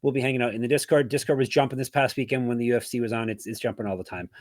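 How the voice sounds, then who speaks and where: A man's voice: mid-range voice, steady tone, racing, no echo. Male podcast host, casual and chatty, jokey sign-off energy, dry mic. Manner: chatty, joking, plugs links.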